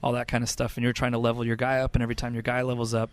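A man's voice: medium pitch, completely flat delivery, very fast. A man co-hosting a casual podcast chat about games, rambling with lots of fillers and restarts. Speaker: podcast co-host.

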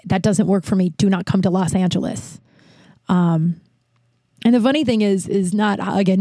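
Candid female podcast host, mellow voice, dry close sound, rambling. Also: medium pitch, no echo. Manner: rambling, frank, many restarts. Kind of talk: candid personal storytelling.

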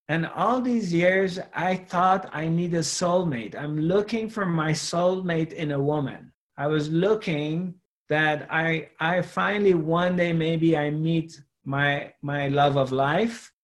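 A middle-aged man giving an earnest spiritual talk, repeating phrases as he goes. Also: on the high side. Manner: slow, earnest, repetitive. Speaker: spiritual teacher.

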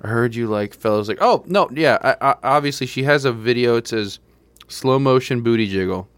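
A man's voice: mid-range voice, a little fast, clear, resonant tone, dry recording. A man co-hosting a comedy podcast, joking around and laughing often. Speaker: podcast co-host. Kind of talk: casual comedic podcast chat.

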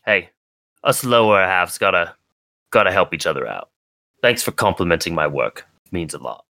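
A man voicing a humble, grateful short working man in a low, hurried voice. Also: animated, gravelly, pushed and bright, dry recording, heavily acted.

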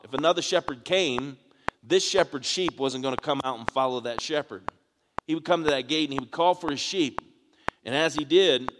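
A pastor preaches in a church sanctuary, questioning his congregation as his delivery builds in force. His voice is a mid-range man's voice with a long reverberant tail. Steady background noise sits under the recording. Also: medium pitch. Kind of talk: sermon. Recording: echoey hall with background noise.

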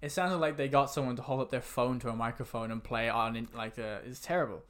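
A man's voice: mid-range voice, steady tone, quick pace, a bit bright, clean tone. A man co-hosting a film podcast, swearing a lot and mocking movies in a rambling, casual chat. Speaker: podcast co-host.

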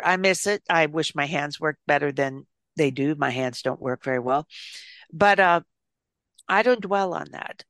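An older woman, an author and psychologist, speaking as a guest in an interview, reflecting and telling stories with gentle restarts. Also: low voice, dry recording, clean studio sound. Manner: thoughtful storyteller with gentle restarts.

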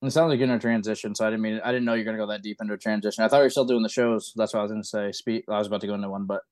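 A young man co-hosting a podcast who talks in a rapid, rambling stream with lots of fillers. His voice sits fairly low. The sound is dry and close. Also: steady tone, a little mellow, no room sound. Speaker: podcast co-host. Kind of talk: casual chat.

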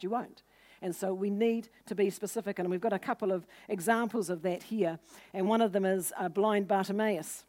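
Woman preacher, mid-pitched voice, earnest sermon delivery, acts out quoted people. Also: mellow. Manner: earnest, teaching with scripture stories.

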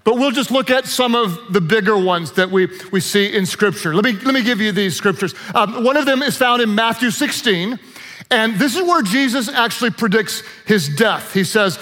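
A man preaching a sermon as pastor, animated and playful, acting out quotes with humor. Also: high-pitched, moderate pace, big-room sound.

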